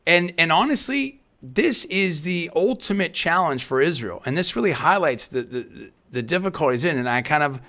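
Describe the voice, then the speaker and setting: A man's voice: fairly high pitch, lively intonation, moderate pace, sharp tone. A man hosting a live talk radio show, speaking in a rambling monologue full of restarts and hedges, then punching key phrases with emphasis.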